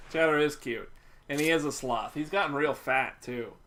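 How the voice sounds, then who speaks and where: A man's voice: a little high, measured pace, fairly bright tone. A man streaming a video game, cracking crude jokes and laughing often in casual commentary. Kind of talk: casual let's-play commentary. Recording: live stream with game music behind.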